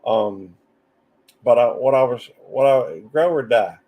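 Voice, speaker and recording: A man's voice: medium pitch, takes it slowly, lo-fi sound. A man with a Southern US accent hosting a live stream, chatting loosely and reading viewer comments as he rambles. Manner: rambling, drawling, reads chat comments aloud. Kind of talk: casual live stream chat.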